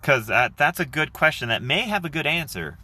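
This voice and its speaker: A man's voice: a little high, sing-song, fairly quick, bright, forceful tone. A man live streaming from his phone, reading aloud and then chatting casually, rambling and swearing freely. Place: outdoors.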